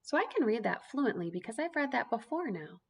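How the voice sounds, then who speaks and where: Woman teacher doing a kids reading lesson, encouraging, kinda high voice. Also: very animated. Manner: encouraging, slow, clearly spoken teacher talk. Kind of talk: early reading lesson for children.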